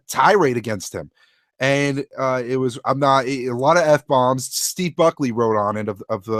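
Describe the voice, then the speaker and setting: A man's voice: mid-range voice, no echo. A young man co-hosting a casual sports talk show, opinionated and rambling, often restarting his sentences. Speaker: co-host.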